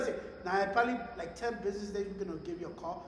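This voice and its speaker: A high-voiced young podcast co-host talks fast through casual, profane storytelling, mixing English and Spanish slang with animated energy. Faint hiss or hum and long reverb from an echoey room color the sound.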